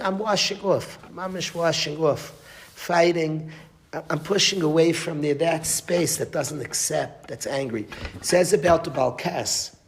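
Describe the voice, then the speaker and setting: Rabbi, male, teaching a Torah class. Emphatic, repeats phrases, slightly high voice, faint background hiss. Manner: emphatic, repeats phrases, restarts mid-sentence. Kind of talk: Torah class with Yiddish and Hebrew terms.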